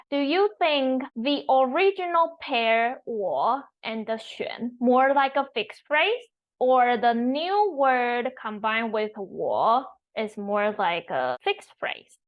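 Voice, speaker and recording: Patient female language teacher, a touch high-pitched, spells out each example slowly, muffled home recording. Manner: slow, careful explanation with repeated example words. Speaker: Mandarin teacher. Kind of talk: online language lesson.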